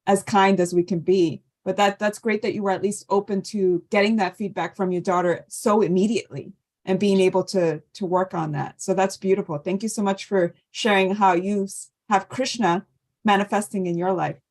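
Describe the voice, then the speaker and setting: A woman's voice: medium pitch, steady tone, moderate pace. A woman leading an online devotional scripture class over a video call, thanking people and asking them to share. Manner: warm thanking and inviting sharing. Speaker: class leader.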